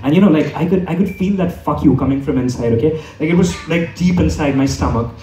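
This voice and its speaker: A man's voice: on the high side, fast, dark tone, a little hiss or hum. A man doing a stand-up comedy set on a club stage, rambling with lots of fillers and restarts while the audience laughs. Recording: echoey room, mic far off.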